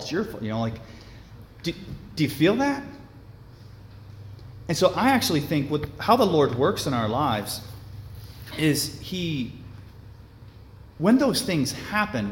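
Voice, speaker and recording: A man's voice: mid-range voice, a little hiss or hum. A young man giving a sermon in a casual, conversational way, with many restarts. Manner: conversational, filler-heavy with frequent restarts. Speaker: preacher. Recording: echoey hall.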